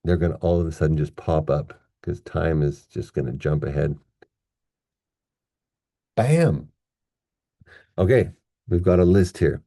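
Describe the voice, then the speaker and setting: Deep, dark-voiced man teaching. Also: steady tone, creaky, dry recording, clean studio sound. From Canada. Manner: patient, playful, drawn-out demonstration words. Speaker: English pronunciation teacher. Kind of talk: whiteboard pronunciation lesson.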